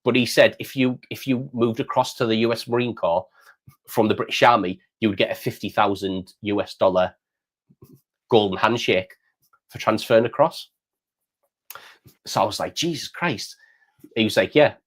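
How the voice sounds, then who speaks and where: A man's voice: fairly low pitch, normal speed, pauses often. A middle-aged man from the United Kingdom, hosting a casual chat and saying mate often. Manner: chatty, says mate often. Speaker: host.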